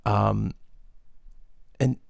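A man's voice: on the low side, flat delivery, very slow, gravelly, dry recording, clean studio sound. A man hosting a solo podcast, ranting in a profane, exasperated way with lots of restarts. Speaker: podcast host. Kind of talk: solo comedic rant.

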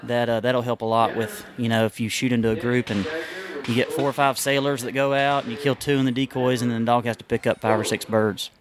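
A man chatting in a relaxed way about his experience working his own dog. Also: medium pitch, a little fast, a crowd in the background. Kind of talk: casual chat.

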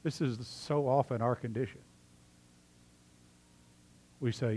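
A male preacher delivers a sermon at a medium pitch. He tells stories with animated bursts and then drops into quiet, earnest asides. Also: takes it slowly, pauses often. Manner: storytelling, swings from loud animated telling to quiet earnest asides. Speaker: pastor.

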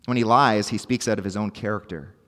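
A man's voice: on the low side, fairly even intonation, a little fast, a bit bright, in a large hall. A man preaching a sermon as pastor, earnest and emphatic, repeating key phrases for weight.

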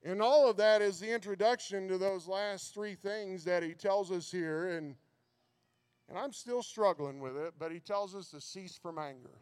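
High-voiced preacher, repeating himself. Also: male voice, moderate pace, darkish tone, smooth. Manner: repeats words, builds to impassioned preaching. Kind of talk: sermon.

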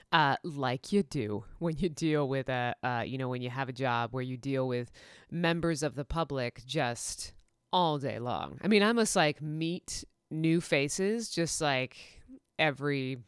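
Low-voiced, lively woman storyteller. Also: clean tone, dry recording, clean studio sound. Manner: animated, laughing, many fillers and acted-out quotes. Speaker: veterinary technician. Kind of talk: casual anecdote storytelling.

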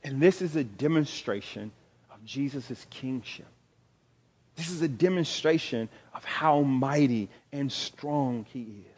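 A man preaching a sermon as pastor. He speaks with emphasis, rising loud on key phrases and repeating or correcting himself as he goes. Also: mid-range voice.

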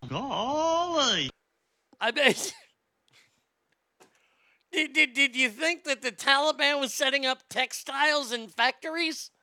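A man's voice: very high-pitched, measured pace, long pauses, pushed and bright, no echo, clean studio sound. A middle-aged man hosting comedic commentary, mocking and sarcastic, laughing often and slipping into silly voices. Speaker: host.

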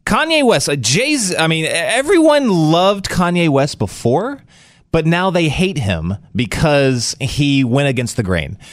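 Young man, radio co-host, expressive voice, dry studio sound, storytelling. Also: unhurried, no echo. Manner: animated storyteller, jumps into high voices for quotes. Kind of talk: casual talk radio storytelling.

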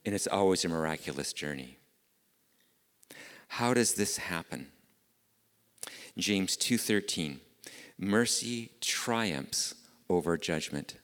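A man's voice: low-pitched, expressive, slow, long pauses, a bit bright, in a large hall. A middle-aged man, preaching a sermon in an earnest, conversational way, full of rhetorical questions. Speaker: pastor. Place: church.

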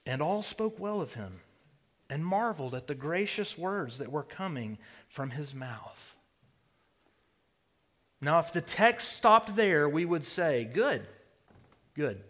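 A man preaching a sermon, swinging between loud declarations and hushed near-whispers. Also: on the high side, sing-song, slow, pauses often. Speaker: pastor.

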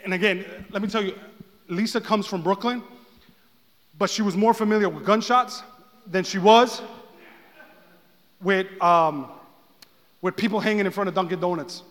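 A man preaching a sermon as pastor, swinging from hushed talk to shouted passages. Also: high voice, normal speed, long pauses. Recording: long hall reverb.

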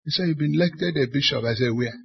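A middle-aged Nigerian man, a bishop, preaching a sermon to church leaders with emphatic rhetorical questions and loud bursts of stress. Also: on the high side, fast talker, vocal fry, husky. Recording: dull lo-fi church recording.

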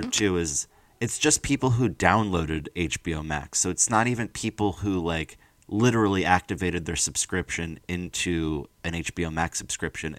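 A man hosting a podcast, talking in a rambling, animated way with many fillers and restarts. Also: low-pitched, no room sound. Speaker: podcast host. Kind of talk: casual podcast chat.

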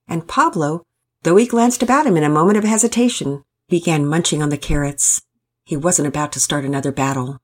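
Husky woman reading a storybook. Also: sits low, fairly quick. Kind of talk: scripted storybook narration.

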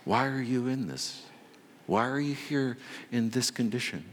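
A man voicing God as a soft, searching whisper during a sermon. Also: mid-range voice, expressive, unhurried, in a large hall, a little hiss or hum, pitched below the performer's own voice, close to an everyday voice. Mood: probing. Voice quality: whispered, hushed. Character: God speaking in a gentle, probing whisper.

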